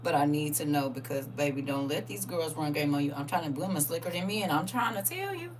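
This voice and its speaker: A middle-aged woman with a St. chatting casually with viewers on a livestream, telling animated stories and acting out her own reactions. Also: low-pitched, quick pace, far from the mic, background noise. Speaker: livestream host.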